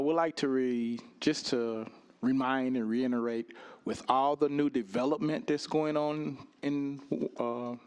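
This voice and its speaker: A man's voice: medium pitch, clean tone. A man with a mid-range voice speaks earnestly and plainly at a school board meeting. His remarks press for action without fuss, set in a meeting room. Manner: earnest, plain-spoken urging.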